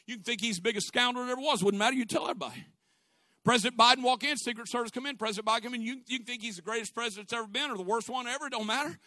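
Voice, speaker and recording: A man preaching a sermon, moving from quiet storytelling to shouted exhortation. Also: very high voice, rapid-fire, no echo. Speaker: pastor.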